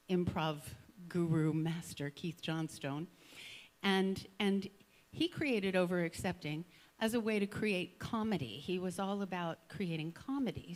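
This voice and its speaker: A woman with a mid-range voice giving a conversational sermon at a Sunday service. She is a lively storyteller who acts out examples and checks in with the listeners often. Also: mid-range voice. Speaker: guest speaker at a church service. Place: spiritual center Sunday service.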